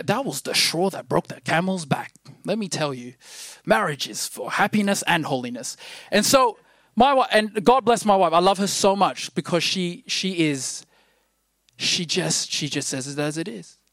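A man's voice: a little high, fairly bright tone, dry recording. Man, preacher, sermon, rambling, self-deprecating, dry close sound. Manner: grows emphatic toward the end.

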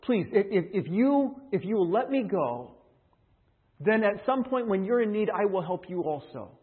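A man's voice: sits high, very animated, moderate pace, slightly rough, exaggerated voice. A man voicing a small, frightened mouse that begs by repeating its words. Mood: pleading. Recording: tinny phone-like line.

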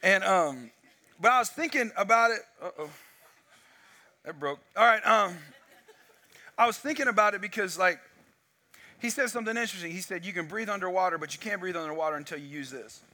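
A man's voice: high voice, brisk, pauses often. A man preaching a sermon, telling a story with lots of acted-out dialogue, on a wireless mic. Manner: animated storytelling, acts out dialogue. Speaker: pastor.

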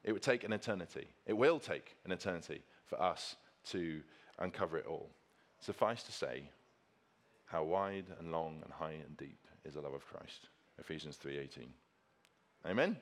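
A man's voice: rumbling low, moderate pace. A man preaching a sermon with slides, earnest and emphatic, repeating key phrases for stress.

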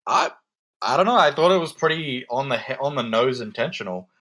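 A man's voice: medium pitch, animated, a little fast, sharp tone. A man co-hosting a casual podcast, speaking hesitantly with frequent ums and restarts. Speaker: podcast co-host. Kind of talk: casual chat.

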